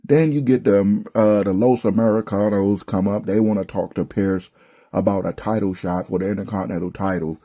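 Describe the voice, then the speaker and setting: A man's voice: lowish voice, steady tone, moderate pace, mellow. A young man ranting bluntly about a wrestling show, exasperated and profane, with slangy asides. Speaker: wrestling commentary vlogger.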